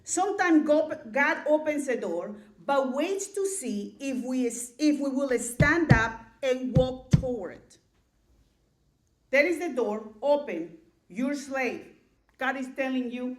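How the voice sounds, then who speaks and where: Slow, high-voiced woman preaching in an echoey hall. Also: lively intonation. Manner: slow and deliberate, repeats key lines for emphasis; reads scripture aloud in a measured cadence. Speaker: clergy member giving a sermon. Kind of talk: sermon. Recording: roomy echo of a large room.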